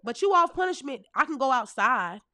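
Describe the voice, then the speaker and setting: Woman in her 30s, comedic storyteller, cussing, lively, laughing, dry close sound. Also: high-pitched, fairly quick, no room sound. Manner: profane, animated, laughs often.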